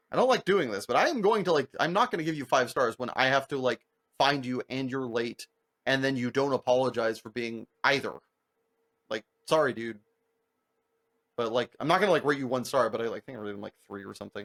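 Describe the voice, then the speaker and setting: A young man telling stories on a podcast in a casual, animated way, with heavy swearing, lots of filler words and acted-out voices of the people in his stories. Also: medium pitch, a little fast. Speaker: podcast co-host. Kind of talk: casual storytelling chat.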